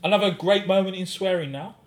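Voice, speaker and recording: Southern english male podcast host, slightly high voice, rambling with fillers. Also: brisk. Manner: rambling anecdotes with filler words. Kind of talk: casual chat.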